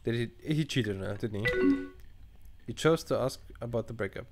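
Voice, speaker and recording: A man's voice: mid-range voice, moderate pace, loud music behind the voice. A man playing a chat-based game, reading the dialogue aloud and cutting in with sarcastic, crude asides. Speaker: let's play gamer. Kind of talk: casual let's play commentary. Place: at home at a computer.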